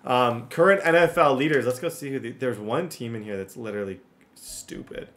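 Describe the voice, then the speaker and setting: A young man giving casual, rambling gameplay commentary, jumping from low mutters to loud excited outbursts. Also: a little fast. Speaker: gaming YouTuber.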